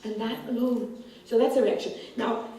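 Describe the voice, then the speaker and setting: Speaking at a normal pace with fairly even intonation, a woman with a slightly high, dark-toned voice talks bluntly onstage about her book and acts out the people she quotes. The festival conversation takes place in a large literature-festival hall, recorded from far away with echo and a little hiss or hum.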